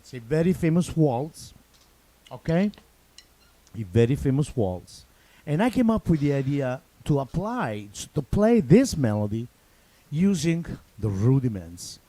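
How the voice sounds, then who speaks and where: Italian-accented male drum teacher, slow and easygoing, higher-pitched voice, chatty with restarts. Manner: relaxed, chatty, loose phrasing with repeats. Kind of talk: casual spoken drum lesson.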